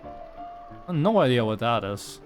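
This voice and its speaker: Chatty streamer with lively, swinging pitch. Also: a little slow, soft background music. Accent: American-sounding. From Norway. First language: Norwegian. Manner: rambling, chatty, full of likes. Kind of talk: casual gameplay commentary.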